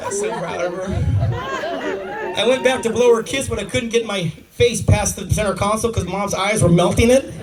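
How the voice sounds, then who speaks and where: A man's voice: high-pitched, steady tone, a little fast, hardly any pauses, far from the mic, very noisy. A middle-aged man telling stories in a stand-up comedy set, acting out the lines of the people in them. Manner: storytelling, acts out people's lines. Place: comedy club stage before a live audience. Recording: audience recording from across the room. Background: loud laughing crowd.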